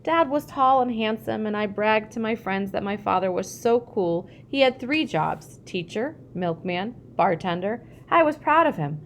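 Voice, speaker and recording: A woman reading a childhood memoir aloud, lively when she acts out family dialogue. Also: mid-range voice, measured pace, few pauses, a little hiss or hum. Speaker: reader.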